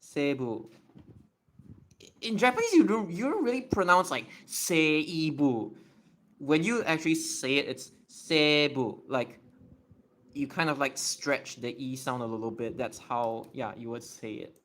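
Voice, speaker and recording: A man's voice: medium pitch, lively intonation, moderate pace, a bit bright. A young man on a casual livestream, explaining step by step while he writes and thinks aloud.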